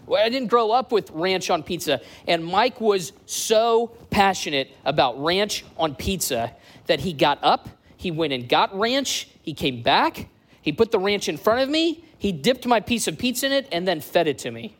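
A man's voice: sits high, moderate pace. A man in his late thirties, a church community director from the US East Coast, telling stories and bantering with a church crowd. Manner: lively storytelling with crowd banter.

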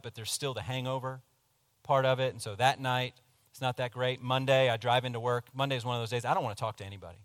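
A man preaching, telling a personal story in a confessional, animated way that swings from hushed to loud. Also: medium pitch, dry recording. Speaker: pastor. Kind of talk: sermon storytelling.

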